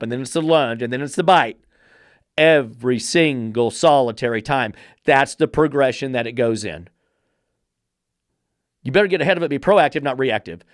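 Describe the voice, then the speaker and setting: A man's voice: mid-range voice, no echo, studio quality. A man hosting a podcast about dog training, ranting bluntly and sarcastically, swearing freely as he gets fired up. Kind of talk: podcast rant.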